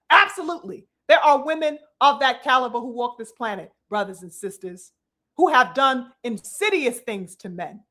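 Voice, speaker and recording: A woman with a high, bright, ringing voice delivers a heated live commentary. She lectures like a preacher, stressing long words, swearing freely and calling her audience brothers and sisters. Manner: preachy, emphatic, profane, addresses "brothers and sisters". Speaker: commentary host.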